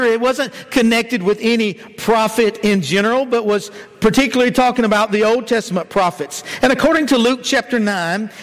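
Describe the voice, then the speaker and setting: A man's voice: high voice, in a large hall, poor audio. A man preaching a sermon, citing scripture verses and putting rhetorical questions to the congregation.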